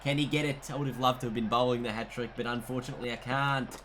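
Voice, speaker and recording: A man with an Australian accent commentating a cricket video game as he plays, mixing play-by-play calls with excitable asides. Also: medium pitch, quick pace, hardly any pauses, slight background noise. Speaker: gaming commentator.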